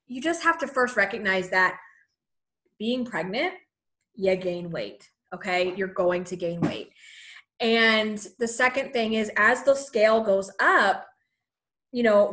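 A woman's voice: mid-range voice, fairly bright tone. A pregnant woman in her thirties talking casually to her viewers, chatty and encouraging, often saying "you know" and a little out of breath. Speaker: vlogger sharing pregnancy advice. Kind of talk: casual talk to camera.

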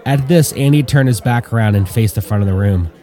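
A man narrating an audiobook in an even, measured way. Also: mid-range voice, a faint crowd.

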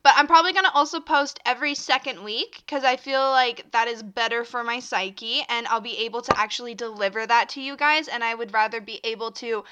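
Her high-leaning voice moves fairly quickly with hardly any pauses, sharp yet clear and resonant. The young woman hosts a casual solo podcast, rambling through fillers and self-interruptions while hiccuping.

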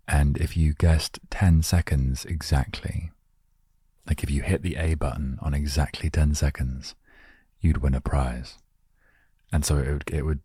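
A man with an extremely deep, dark and husky voice speaks slowly and gently into a close microphone inside his van. His rambling, self-mocking chat is meant to relax the listener. The sound is dry and intimate. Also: dry recording. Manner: gentle, self-deprecating, meandering. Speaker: host of a relaxation word show. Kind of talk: soft, rambling relaxation talk. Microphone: studio microphone, close.

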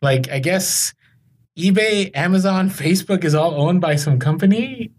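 A man hosting a casual podcast, telling animated, rambling stories about reselling. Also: high voice, normal speed.

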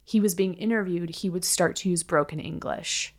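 A woman's voice: fairly low pitch, normal speed. A woman co-hosting a podcast, recounting a true-crime case in a casual, chatty way with lots of filler words and the odd swear. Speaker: podcast co-host.

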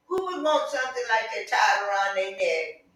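A middle-aged woman teaching Sunday school with a bright, ringing voice, preaching with fervour and slipping into chatty stories. She swings up to emphatic shouts. She is picked up from far off in a very echoey church. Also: medium pitch, expressive, normal speed. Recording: echoey room, mic far off.

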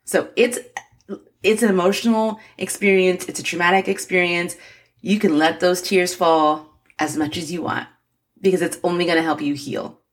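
A woman's voice: lowish voice, fairly even intonation, normal speed. A woman in her forties hosting a podcast, talking earnestly and emotionally to her listeners with encouragement and frequent laughs. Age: 40s. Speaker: podcast host. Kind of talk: motivational podcast monologue.

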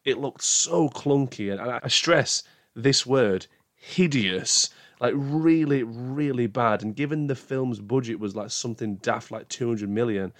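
A man's voice: mid-range voice, a little slow, no room sound. A man giving a casual spoken film review, emphatic and prone to bursts of exasperation.

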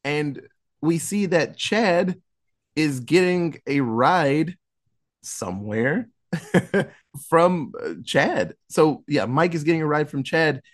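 A man's voice: on the high side, animated, slow pace. A man on a podcast casually recapping a horror movie plot, rambling with lots of fillers and restarts. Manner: casual, chuckles while recapping. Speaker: podcast co-host.

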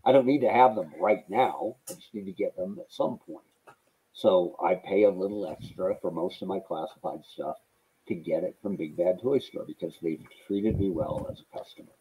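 A man in casual chat, lively and jokey, with a husky voice. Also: deep voice, normal speed, slight background noise, low-quality recording. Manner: lively, jokey, self-mocking.

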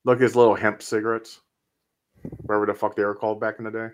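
A man's voice: on the low side, level tone, quick pace. A man co-hosting a podcast, giving blunt, profane commentary while watching a movie. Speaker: podcast co-host. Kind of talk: casual movie-watching chat.

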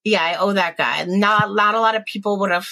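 Bright-voiced woman telling a frank story. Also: mid-range voice, fairly quick, rough recording. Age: 40s. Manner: candid, profane, rambling with restarts. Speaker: podcast co-host. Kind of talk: casual chat, personal storytelling.

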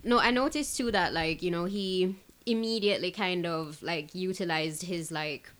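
A woman joins a casual movie-review podcast chat. She speaks hesitantly with lots of fillers. Her voice sits on the low side. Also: moderate pace, fairly bright tone.

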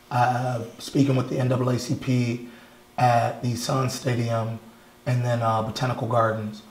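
A man from Wisconsin speaks bluntly and heatedly, swearing freely as he talks. His voice sits at an ordinary middle pitch. The room around him rings with echo, and a faint hum of ambience runs underneath. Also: a little mellow. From Wisconsin, USA. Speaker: artist guest. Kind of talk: casual interview. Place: art gallery.

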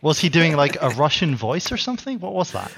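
A man hosting a podcast in casual chat, wry and teasing, with quick asides. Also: a little high, big pitch swings, vocal fry, fairly bright tone, a little hiss or hum. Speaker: podcast host.

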